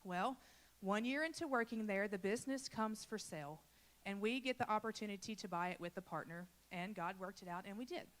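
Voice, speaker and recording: A woman from Louisiana who leads a church children's ministry stands before her congregation to share a personal testimony. She speaks earnestly and with feeling in a mid-pitched voice. She talks to the listeners directly, as if to friends. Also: brisk, a bit bright.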